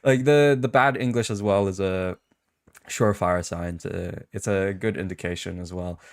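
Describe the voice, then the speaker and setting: A man's voice: low-pitched, steady tone, normal speed. A male streamer hosting a casual live chat, rambling and reacting with amused disbelief as he reads comments aloud. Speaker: VTuber streamer and podcast host.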